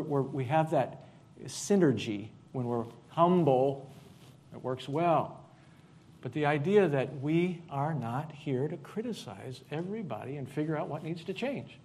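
Speaking in a slightly high voice, this pastor delivers an animated, conversational sermon and throws in asides to the congregation.

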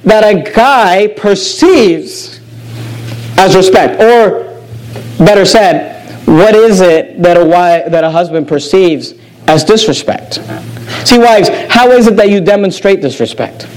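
A man preaching a sermon as pastor, emphatic, repeating phrases and dropping low to stress key words. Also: expressive, takes it slowly, poor audio. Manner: emphatic preacher with sharp pitch drops and repetitions.

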